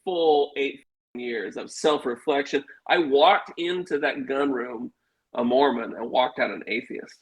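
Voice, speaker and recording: A middle-aged man telling a wild personal story in casual conversation, animated and acting out the voices of the people in it. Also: medium pitch, measured pace, rough recording. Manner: animated, swearing, acts out quoted voices. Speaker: guest telling a life story.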